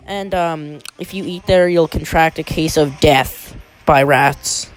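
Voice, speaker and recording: A man's voice: a little high, lively intonation, normal speed, soft background music. A young man vlogger telling a crude, exaggerated comic rant. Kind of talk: comedic rant vlog.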